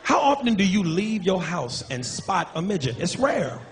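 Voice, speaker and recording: A man doing a crude, animated stand-up comedy set on a club stage with a handheld mic. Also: sits high, moderate pace, a faint crowd. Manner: crude, animated, profane jokes. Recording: noisy live club recording. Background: audience laughter.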